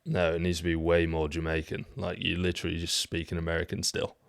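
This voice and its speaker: A man's voice: sits low, monotone, quick pace, vocal fry. A man co-hosting a casual podcast, chatting in a laid-back, teasing manner. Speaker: podcast co-host.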